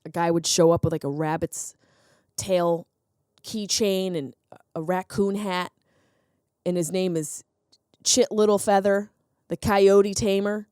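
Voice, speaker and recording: A comedian hosting her podcast, a woman giving an animated, sarcastic monologue that keeps jumping into silly voices. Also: lowish voice, takes it slowly, pauses often, smooth, no echo, clean studio sound. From Sicilian heritage, lives in Los Angeles.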